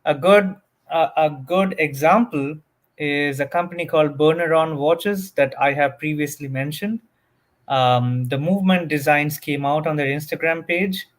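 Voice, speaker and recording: Panel guest, male, a bit higher pitch, joking, halting delivery. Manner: hesitant, joking, many fillers. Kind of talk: casual group chat.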